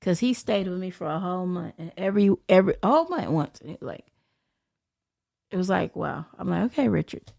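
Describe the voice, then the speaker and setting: A woman with a fairly low, creaky, dark-toned voice speaks expressively and a little fast. She's a podcast guest in a casual, blunt chat, telling profane stories, acting out others' lines in quotes and laughing often.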